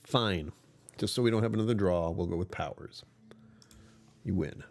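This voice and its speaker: A tired man with a rumbly voice hosting a livestream, chatting casually, joking and laughing with his viewers. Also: moderate pace, darkish tone, a little hiss or hum. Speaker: livestream host.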